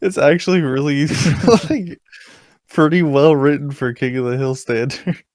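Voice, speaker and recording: A man's voice: a little high, a little slow, darkish tone, no room sound, studio quality. A man co-hosting a casual comedy podcast, laid-back, with short reactions and swearing. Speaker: podcast co-host.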